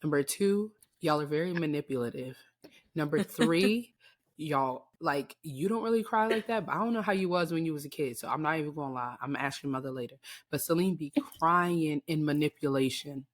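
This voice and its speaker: A woman's voice: low-pitched, fairly quick. Blunt joking woman podcast co-host. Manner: blunt, joking, lists points. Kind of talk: casual chat.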